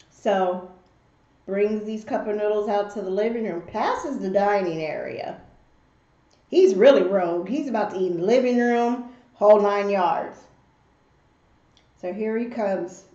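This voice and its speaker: A mother who hosts an eating show recounts a story, bringing it to life by acting out everyone's voices. She talks at a medium pitch, unhurried. The sound is that of a roomy home space, slightly dull.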